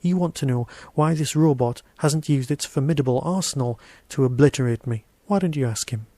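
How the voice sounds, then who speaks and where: A man's voice: medium pitch, mellow, no room sound, natural voice. Man reading as a wily, knowing traveller. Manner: measured, knowing. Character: calm, wily small man, knowing and sagely.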